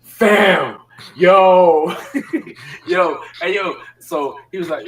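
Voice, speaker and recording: A man's voice: high-pitched, drawn-out words, husky, recorded from a distance, poor audio. A man telling a work story in casual podcast chat, laughing often and filling his talk with slang and fillers. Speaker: podcast co-host.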